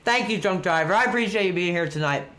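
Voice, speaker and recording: A man's voice: high-pitched, fast talker, pushed and bright. A man chatting casually on a webcam stream, reacting to a wrestling match as he watches along. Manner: laid-back, chatty, reacting to the action.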